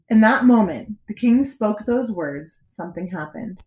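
A woman reading a children's picture book aloud as a storyteller, expressive with dramatic pauses. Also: medium pitch. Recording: echoey room.

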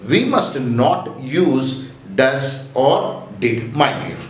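A man teaching an English grammar lesson, speaking slowly and deliberately, repeating rules with frequent hesitations. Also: mid-range voice, animated, far from the mic. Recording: very echoey room, voice from off-mic.

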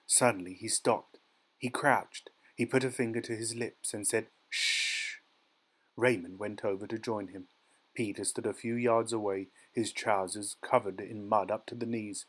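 A man narrating a dark short story as an audiobook, in a measured, dramatic storytelling manner. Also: fairly low pitch, steady tone, husky, low-quality recording. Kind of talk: scripted narration.

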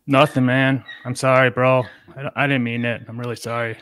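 A man's voice: mid-range voice, level tone, moderate pace, fairly bright tone, clear, resonant tone, dry recording. A man on a call-in show, answering an accusation in a laid-back, apologetic way. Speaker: caller. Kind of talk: call-in argument.

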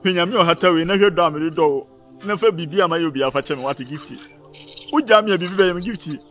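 A man's voice: on the high side, fast, a bit bright, soft background music, natural voice. A man with a Ghanaian accent playing a heartbroken young man who wails and pleads dramatically for his lost lover. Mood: lamenting. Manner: wailing, pleading, crying out dramatically. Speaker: actor in a comedy film. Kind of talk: Ghanaian film acting.

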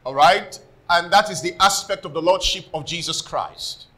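Emphatic Nigerian preacher, bright voice. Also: male voice, on the high side, moderate pace, poor audio. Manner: calls for congregation responses; emphatic preaching with rising intensity. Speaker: pastor. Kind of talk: sermon. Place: church service.

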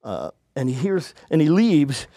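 A man's voice: measured pace, dry recording, clean studio sound. Man animatedly retelling a story. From United States. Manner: animated retelling, acting out quoted voices in a higher pitch. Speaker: podcast guest. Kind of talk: casual storytelling.

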